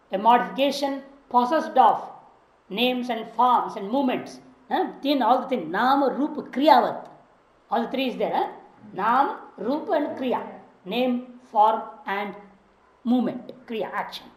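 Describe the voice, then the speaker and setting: A woman's voice: fairly high pitch, expressive, a little slow, reverberant, rough recording. A woman teaching a scripture class, reciting Sanskrit phrases and explaining them word by word in English. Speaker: Vedanta teacher.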